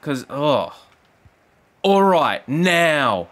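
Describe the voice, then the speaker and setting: Frustrated gamer ranting over gameplay. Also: male voice, extremely slow. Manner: frustrated ranting, sarcastic, jumps into excited high exclamations. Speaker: gaming YouTuber. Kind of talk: gameplay commentary.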